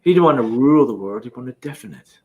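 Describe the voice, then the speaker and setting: A Canadian man with a mid-pitched voice hosts a loose live-stream chat from his campervan. He reads viewer comments aloud and laughs easily. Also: animated, fast, background noise. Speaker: livestream host. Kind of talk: casual live-chat banter.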